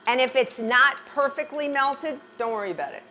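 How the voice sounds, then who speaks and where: A woman's voice: sits high, moderate pace, bright, forceful tone, slight background noise. A middle-aged woman chef giving a cooking demonstration, chatty and reassuring, often repeating words for emphasis.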